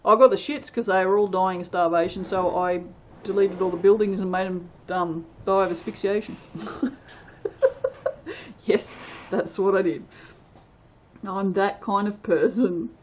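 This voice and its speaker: An Australian woman, host of a soap-making channel, chatting casually and rambling while she works, laughing often and breaking into sudden loud exclamations. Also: mid-range voice, fairly even intonation, a little slow, long pauses, dull audio, a little hiss or hum. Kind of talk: casual chat while working.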